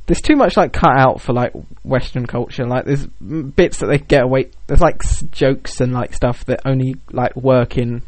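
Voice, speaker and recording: A man's voice: mid-range voice, moderate pace, hardly any pauses, no echo. A young man co-hosting a podcast in casual chat, rambling and joking with many filler words. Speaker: podcast co-host.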